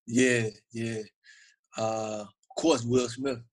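A young man from Virginia speaks with a relaxed Southern drawl and a husky edge to his voice. He tells his stories loosely, packing in slang and fillers like a guest chatting in an interview. His pitch sits in an everyday middle range. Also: extremely slow, poor audio. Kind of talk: casual interview storytelling.

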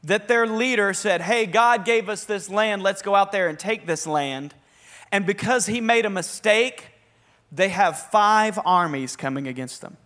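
A young man preaching a sermon as a pastor, conversational and energetic with bursts of emphasis. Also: high-pitched, unhurried.

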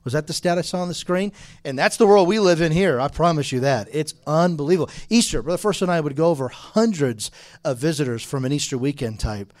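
A man moderating a church conference panel, talking quickly and earnestly with frequent restarts. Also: fairly high pitch.

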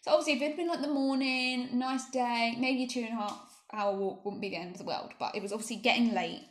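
A young woman with an English accent telling a travel story in casual chat, animated and fond of saying "literally.". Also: on the high side, fast talker. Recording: roomy echo.

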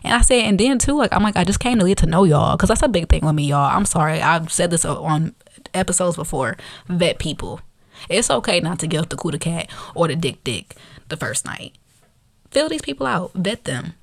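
A woman podcast host telling a story in a blunt, profane, animated way, acting out the other people's lines as she goes. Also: on the low side, moderate pace, creaky, no room sound. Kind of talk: casual storytelling.

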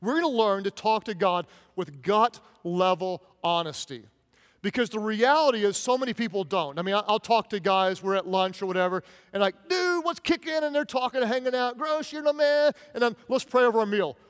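A man preaching a sermon as pastor, conversational and animated, acting out quoted prayers and chatter. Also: high voice, a little fast, clean tone, long reverb tail.

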